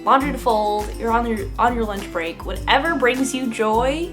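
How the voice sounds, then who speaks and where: A woman's voice: fairly high pitch, moderate pace, over music. A young adult woman hosting a knitting podcast, chatting casually and bubbly, laughing often. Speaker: podcast host. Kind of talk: casual chat.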